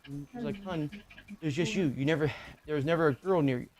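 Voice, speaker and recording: A middle-aged man tells a personal ghost story in a loose, rambling way. His voice sits a bit high for a man, and he swears freely and fills the gaps with ums and you-knows. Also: brisk, a little mellow, soft background music. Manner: rambling, profane, with filler words. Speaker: podcast co-host. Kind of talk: casual storytelling chat.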